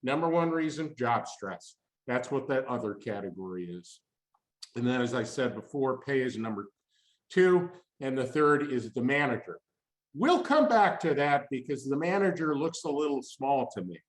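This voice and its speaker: A man's voice: medium pitch, animated, moderate pace. A man giving a webinar talk on employee engagement, emphatic and punchy, firing off rhetorical questions. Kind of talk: webinar presentation. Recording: roomy echo.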